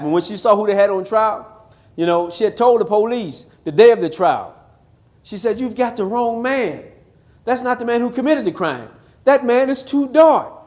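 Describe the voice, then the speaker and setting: A man of around sixty from Missouri, a pastor giving a live testimony talk in a chapel with emphatic, preacher-like storytelling. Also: high voice. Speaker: pastor telling his life story.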